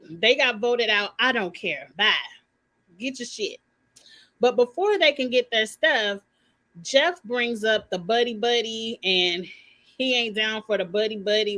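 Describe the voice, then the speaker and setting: A woman's voice: fairly high pitch, bright, forceful tone. A woman giving her blunt, opinionated take on a reality show in casual live commentary. She uses slang, swears, and talks straight to her viewers.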